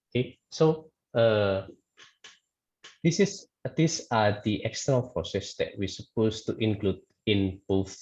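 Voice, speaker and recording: A man teaching a statics lecture online, hesitant, with many fillers and restarts, often checking in with "okay". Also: on the low side.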